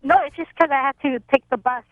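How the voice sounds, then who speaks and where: A woman's voice: sits high, fairly even intonation, fast, no room sound. A young woman in her twenties calling in to a radio show, talking in a rambling, hesitant way. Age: 20s. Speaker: caller. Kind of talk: call-in radio chat. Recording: tinny phone line.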